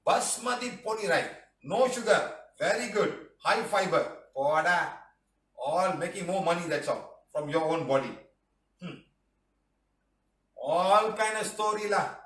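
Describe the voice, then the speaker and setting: A middle-aged healing teacher speaks slowly with long pauses in a high-pitched, slightly bright voice, teasing and joking during a live class. He reads viewer comments and ends phrases with "huh?" and "lah", with roomy echo and a distant mic.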